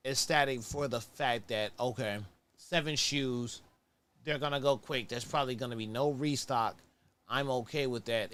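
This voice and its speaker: A man's voice: mid-range voice, sharp tone. A man hosting a casual sneaker review show, talking in a laid-back, rambling way, often correcting himself and sounding tired. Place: at home on camera, moving around.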